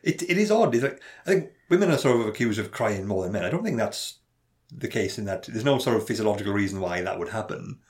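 A man co-hosting a podcast, telling stories quickly and acting out quotes, often laughing. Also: lowish voice. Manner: fast, animated storytelling with acted-out quotes and frequent laughs. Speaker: podcast co-host. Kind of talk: casual chat.

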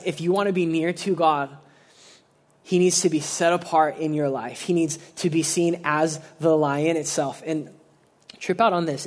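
A young man preaching a sermon in a casual, conversational way, often saying "like" and acting out the people he quotes. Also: fairly high pitch. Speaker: pastor.

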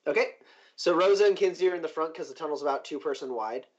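A man's voice: on the high side, fast. A man narrating as game master of a tabletop game, in loose speech full of "like" and "uh". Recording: dull lo-fi recording.

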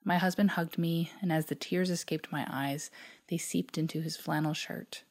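A woman from Newfoundland reading her own personal reflection aloud in a soft, measured, reflective way that at times sinks close to a whisper. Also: low-pitched, fairly even intonation.

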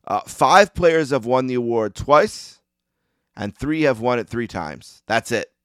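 A man with a Western New York accent hosts a sports podcast, delivering a casual solo monologue that rambles self-deprecatingly with lots of ums and uhs. His mid-range voice has lively intonation, a fairly bright tone, and a slightly slow pace, in a dry, clean studio recording.

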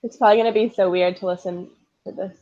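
A young woman co-hosting a casual chat, sounding sick and congested, talking softly with lots of "like" and giggles. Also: mid-range voice, steady tone, fast, highs cut off. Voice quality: soft, giggly, filler-heavy. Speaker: podcast co-host.

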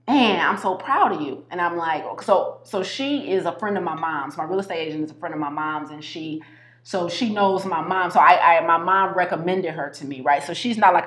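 A woman giving a casual motivational talk, animated and full of slang, repeating herself and restarting sentences. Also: on the low side, reverberant. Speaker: health coach.

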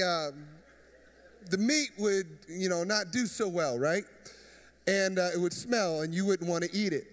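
High-voiced pastor in a reverberant hall. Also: male voice. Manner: conversational preaching with jokes and crowd questions. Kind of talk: sermon. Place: church.

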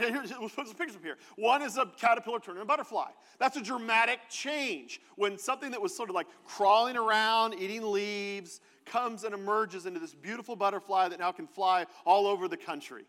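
A man's voice: high-pitched, fairly quick, hardly any pauses, sharp tone. A man preaching a sermon to his congregation in a conversational way, asking them questions as he teaches. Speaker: pastor. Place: church sanctuary. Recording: long hall reverb.

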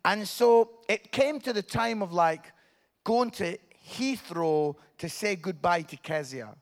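A middle-aged Scottish man preaching with a notably high voice. He tells his story with comic timing, dropping to a hush and then rising almost to a shout. His delivery stays conversational and animated throughout. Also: takes it slowly. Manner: animated, swinging from hushed to near-shouting. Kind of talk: humorous sermon storytelling.

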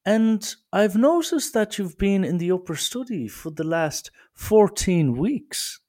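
A man's voice: sits high, big pitch swings, slow, dark tone, pitched above the performer's own voice, heavily acted. Brief: formal Irish school official, stern and hesitant, as a man puts him on. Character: stern formal male vice principal.

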